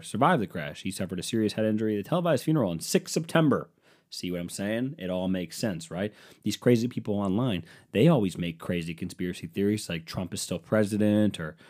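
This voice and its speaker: A man's voice: on the low side, darkish tone. A man doing a rambling comic monologue, sarcastic and profane with mocking asides.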